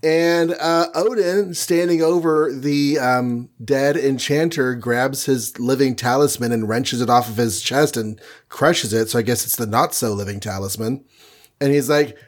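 A man co-hosting a casual podcast, retelling a comic story in a playful way and dropping into quick mock voices for the characters. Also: mid-range voice, fairly even intonation. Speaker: podcast co-host recapping comics. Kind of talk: casual chat.

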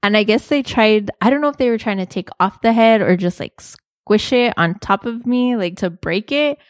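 A woman's voice: mid-range voice, moderate pace, no echo, clean studio sound. A young woman telling a funny story in a casual, chatty way, with lots of "like" and laughter.

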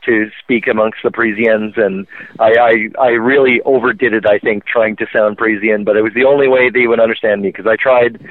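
A man from Quebec co-hosts a relaxed gaming podcast, wandering through anecdotes with many fillers and false starts. His voice comes through narrow and tinny, like a phone line. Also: on the low side, fairly quick, no room sound. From Quebec, Canada. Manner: rambling, filler-heavy storytelling. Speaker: podcast co-host. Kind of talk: casual chat.

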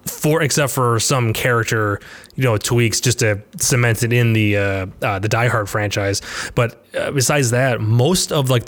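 A man co-hosting a casual movie podcast, talking in a rambling way with many restarts and frequent laughs. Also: mid-range voice. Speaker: podcast co-host.

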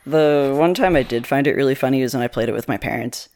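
A man's voice: medium pitch, fast talker, a little mellow. A man co-hosting a podcast in casual chat, talking easily and laughing often between remarks. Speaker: podcast co-host.

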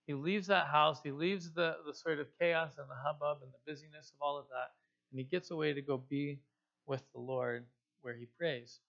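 A man's voice: on the high side, steady tone, normal speed, gravelly, fairly bright tone, lo-fi sound. A man preaching a sermon in a casual, conversational way, explaining scripture in plain everyday terms. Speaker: pastor.

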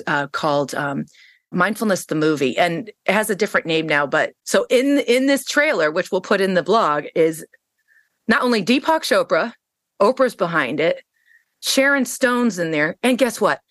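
A woman guest on an interview podcast, telling a personal story in a casual, animated way, jumping into a higher pitch when she quotes people. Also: normal speed, no room sound, studio quality. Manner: frequent fillers and restarts.

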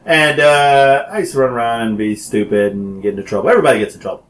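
A man telling childhood stories in casual chat, animated and laughing often as he acts out quotes. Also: medium pitch, quick pace. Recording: roomy echo.

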